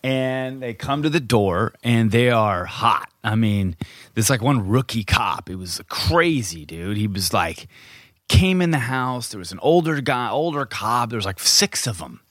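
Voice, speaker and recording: A man's voice: mid-range voice, expressive, a little slow, fairly bright tone, no echo. A middle-aged man on a podcast spins a story in easy, casual chat. His voice sits mid-range and sounds close and dry on the mic. He acts out what people said and swears freely. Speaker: podcast co-host.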